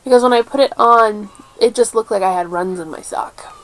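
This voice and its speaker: A woman hosting a crafting video podcast in casual chat, chatty and quick with asides, laughing often. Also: fairly high pitch, a bit bright. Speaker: podcast host.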